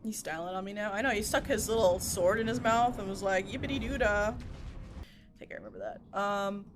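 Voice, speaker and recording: A woman's voice: medium pitch, moderate pace, noisy background. A woman streaming a game in casual chat, playful and giggly, burping often and saying excuse me. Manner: burps often and says excuse me; giggly, playful, mumbling asides. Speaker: VTuber streamer. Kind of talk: casual live-stream chat while gaming.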